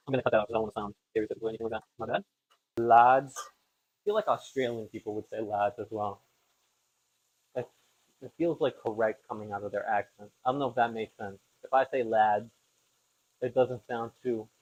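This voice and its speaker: A young podcast host with a slightly rough, medium-pitched voice makes casual conversation while cooking at home. He rambles and drops in self-deprecating comments, all on slightly dull lo-fi audio.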